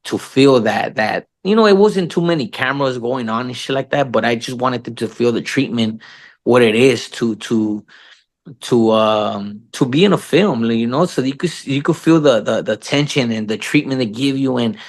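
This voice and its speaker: Guest read: middle-aged man, gravelly, casual and profane, "bro" every line, lots of restarts. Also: mid-range voice, normal speed. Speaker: interview guest, actor. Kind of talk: casual podcast interview.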